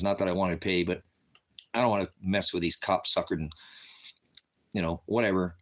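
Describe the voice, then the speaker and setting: A man's voice: low voice, fairly even intonation, a little fast, pauses often. A middle-aged man running a ministry livestream, talking to his chat in a profane, combative, taunting way. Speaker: ministry host.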